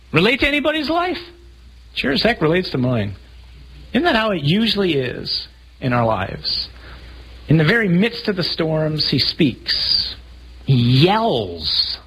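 A man delivering a sermon in a very husky, rough voice pitched a little high. He tells stories vividly, acting out scenes and raising his voice for the dramatic moments. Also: takes it slowly, pauses often, poor audio. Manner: animated storytelling, acting out scenes with raised voice. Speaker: priest.

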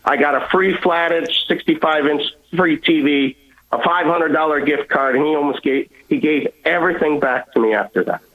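A man's voice: on the high side, normal speed, a bit bright, low-quality recording. A male guest earnestly telling a personal faith story, repeating words and acting out the voices of people in it.

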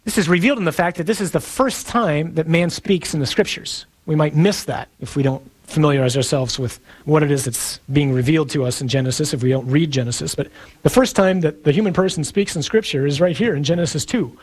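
Guy preaching, chatty and playful, voice a bit on the high side. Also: breathy edge. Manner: conversational and playful, with sudden pauses for emphasis. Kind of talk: sermon.

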